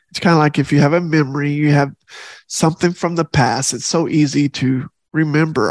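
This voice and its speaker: A man's voice: fairly high pitch, brisk, no echo. A middle-aged man hosting a faith podcast, speaking earnestly and from the heart, repeating key phrases for emphasis. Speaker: podcast host.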